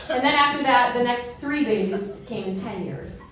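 A woman in her forties telling a story to a live audience, animated and given to laughing. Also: medium pitch, fairly quick, hardly any pauses. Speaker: speaker. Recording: echoey room from far off.

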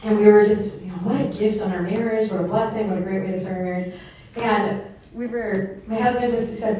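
Woman in her 40s, lively storyteller giving a talk, far from mic, very echoey room. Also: medium pitch, brisk. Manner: animated, laughing storyteller. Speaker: speaker. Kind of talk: talk to a live audience.

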